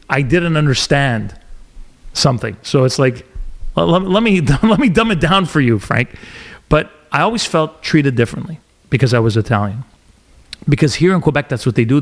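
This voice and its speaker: Animated middle-aged man telling a story. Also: on the high side. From Montreal, Canada. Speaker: podcast host. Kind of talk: casual interview chat.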